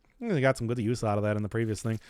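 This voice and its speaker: A man's voice: fairly low pitch, very fast, darkish tone, clean tone, no echo. A young man streaming a game, rambling casually, laughing often and swearing. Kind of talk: casual live gameplay commentary.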